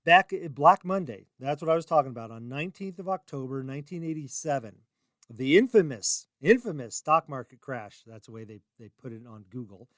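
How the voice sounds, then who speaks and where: A man's voice: mid-range voice, expressive, a little fast, fairly bright tone, no room sound. Chatty middle-aged male radio host, dry sound. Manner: chatty, rambling, self-deprecating, with emphatic rises. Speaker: radio show host and reverse mortgage salesman. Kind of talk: casual talk radio monologue.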